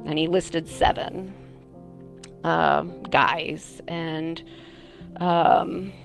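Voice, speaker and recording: Woman interviewee, lowish voice, earnest and halting recollection, faint music underneath. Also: fairly even intonation, creaky. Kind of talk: personal recollection.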